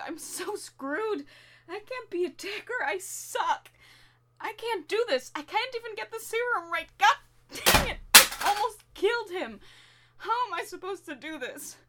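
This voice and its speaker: An actress playing a distraught young woman inventor who doubts herself, talking in halting, anguished bursts and near tears. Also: very high voice, a bit bright. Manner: anguished, halting, self-critical. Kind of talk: audio drama acting.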